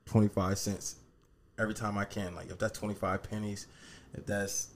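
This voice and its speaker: A man, a podcast guest, telling a story in a relaxed, rambling, humble way. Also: fairly low pitch, normal speed, slight background noise. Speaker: podcast guest, fitness trainer. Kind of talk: casual storytelling.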